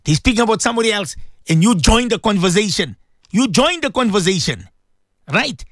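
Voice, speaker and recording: A man's voice: high-pitched, very animated, brisk, a bit bright, no echo, studio quality. A man giving a radio sermon as a preacher and host, emphatic, repeating his phrases and asking rhetorical questions.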